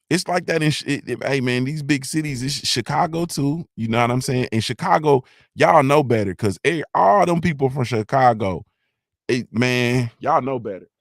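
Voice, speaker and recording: A man's voice: mid-range voice, dry recording, studio quality. A middle-aged man from Ohio, by way of Mississippi, hosting a casual live-stream morning show, rambling loosely, repeating "you feel me," and swearing freely.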